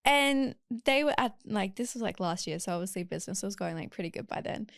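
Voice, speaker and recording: Candid, smooth-voiced woman podcast host. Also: medium pitch, dry recording, studio quality. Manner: candid storyteller, fast and expressive. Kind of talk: casual interview chat.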